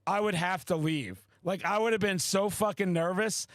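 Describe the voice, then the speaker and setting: A man hosting a podcast, a loud, excitable storyteller who swears often in casual chat. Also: sits high, normal speed, no room sound. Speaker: podcast host.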